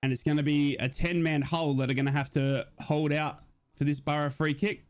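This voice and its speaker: Young male streamer, slightly high pitch, chatty, addresses chat while calling a match. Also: little pitch movement, moderate pace, smooth. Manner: chatty, talks straight to viewers in chat. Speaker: football watch-along streamer. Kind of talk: live match watch-along with chat.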